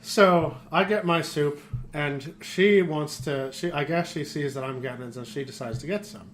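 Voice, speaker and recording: A man co-hosting a casual gaming chat, telling an anecdote in an animated way and laughing often. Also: on the high side, moderate pace, a little hiss or hum. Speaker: podcast co-host. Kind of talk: casual chat over gameplay. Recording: game music playing behind.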